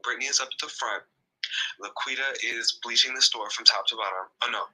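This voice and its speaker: A man's voice: mid-range voice, fairly quick, sharp tone, breathy edge, poor audio. A man who works as a store manager, telling a workplace story in casual chat with gossipy indignation.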